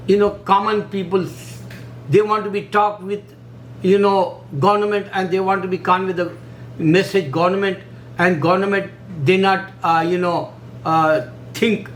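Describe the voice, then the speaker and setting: A man speaking halting, repetitive in a casual monologue, full of fillers. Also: high voice, fairly bright tone, slight background noise, poor audio. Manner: halting, repetitive non-native English with many fillers. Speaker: religious video maker.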